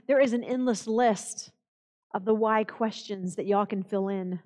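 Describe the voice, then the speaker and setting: A woman pastor delivers a sermon in a church sanctuary. She speaks slowly and solemnly, weaving in quoted scripture. Her voice sits at an ordinary middle pitch. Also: darkish tone, in a large hall.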